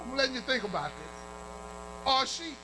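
A man preaching a fervent sermon, chanting and shouting to his congregation and calling for amens. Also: very high voice, sing-song, normal speed, background noise. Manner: calls out to the congregation.

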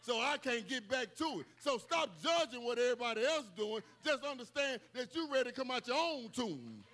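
Male preacher, high ringing voice, emphatic sermon delivery with casual humor. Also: sing-song, normal speed, soft background music. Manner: emphatic, repetitive call-outs, bursts of shouting.

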